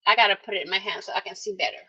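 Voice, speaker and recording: A woman's voice: mid-range voice, very fast, bright, forceful tone, breathy edge. A woman narrating a casual crafting tutorial, chatty and talking straight to her viewers with playful little exclamations, in a dull lo-fi recording. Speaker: craft vlogger.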